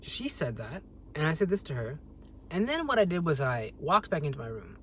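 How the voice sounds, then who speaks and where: A young man telling a story on a vlog as a rambling, agitated rant, with sudden loud jumps in pitch. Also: very animated, fairly quick, slight background noise. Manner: rambling, with many restarts. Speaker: vlogger.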